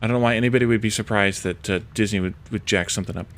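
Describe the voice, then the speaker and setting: A man's voice: on the low side, steady tone, rapid-fire, fairly bright tone, slight background noise. A man streaming a video game, chatting casually with viewers and thinking aloud as he plays. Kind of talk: casual let's-play commentary.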